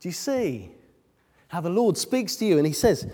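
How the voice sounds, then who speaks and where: A preacher delivers a casual, conversational sermon, full of ums and self-mocking asides. His voice sits fairly high for a man and swings widely in pitch. It rings out with the long reverb of a large hall. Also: big pitch swings, moderate pace, dark tone.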